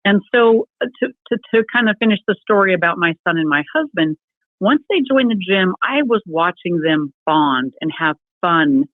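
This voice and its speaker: A middle-aged woman, a guest in an interview, telling her personal story in a lively way and acting out the people she quotes. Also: lowish voice, moderate pace, dry recording. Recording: tinny phone-like remote call, dry.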